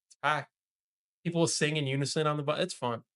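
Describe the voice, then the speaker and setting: Young guy on a podcast, smooth clear voice, chatty, swears a lot. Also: fairly high pitch, steady tone, brisk, a bit bright. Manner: chatty, swears casually, acts out quotes. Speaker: podcast co-host. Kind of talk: casual chat.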